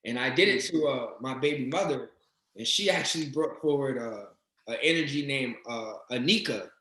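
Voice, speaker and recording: Brief: man, interview guest, loose profane storyteller, bright and forceful tone, roomy echo. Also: medium pitch, normal speed. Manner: swearing, animated, laughing storyteller. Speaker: interview guest, regression practitioner. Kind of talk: casual storytelling chat.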